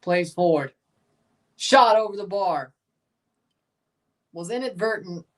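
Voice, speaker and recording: A woman's voice: fairly low pitch, expressive, slow pace, far from the mic. A woman hosting a casual livestream watchalong, calling scores and plays in an offhand way and swearing at big moments. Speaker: watchalong host. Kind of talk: casual live match commentary.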